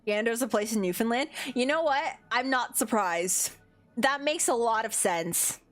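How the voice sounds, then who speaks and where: Young woman streamer, high and bouncy, giggly, chatty, easily excited. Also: measured pace, soft background music. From Canada. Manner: giggly, excitable, laughs often. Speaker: game streamer. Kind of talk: casual livestream chat.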